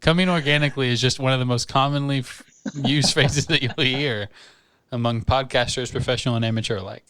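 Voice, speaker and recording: A young man co-hosting a podcast, bantering casually in a deadpan, self-mocking way. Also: mid-range voice, fairly quick, clean tone, no echo. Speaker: podcast co-host. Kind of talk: joking casual chat.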